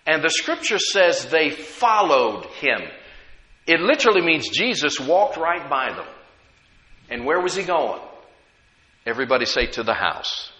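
Guy preaching a sermon, lively and kinda high, long echo like a big church. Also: a little slow, pauses often. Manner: call-and-response preaching, asks the congregation. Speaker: pastor. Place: church sanctuary. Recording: echoey hall with long reverb.

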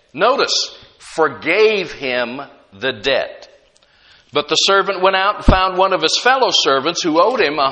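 A middle-aged man preaches a sermon. He reads scripture dramatically and breaks off to explain it to the congregation. His voice is bright and rings out, and a long hall reverb trails each phrase. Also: on the high side, dull audio.

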